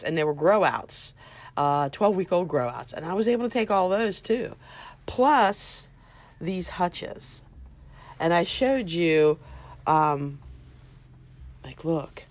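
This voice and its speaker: Slow-talking woman at rabbit hutches. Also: fairly low pitch. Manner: chatty, cooing softly at animals. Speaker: homesteader showing new rabbits. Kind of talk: casual vlog walk-through. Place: outdoors beside rabbit hutches on a farm.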